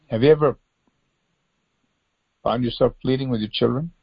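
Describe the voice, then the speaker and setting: In a devotional sermon, a sincere preacher with a husky, gravelly mid-range voice pleads with his audience through rhetorical questions. He speaks at a normal speed with long pauses, and the lo-fi recording sounds dull, dry and close with no room sound.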